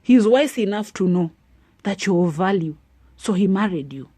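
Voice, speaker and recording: A woman giving preachy, animated advice to women and retelling a Bible story. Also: mid-range voice, normal speed, no echo. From Africa. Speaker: advice vlogger. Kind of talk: motivational talk to women.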